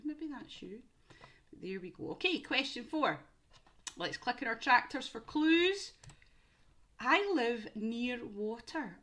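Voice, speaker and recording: A woman's voice: mid-range voice, a bit bright. A young woman teaching young children through a home-learning quiz, with exaggerated questions and encouragement. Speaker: primary school teacher.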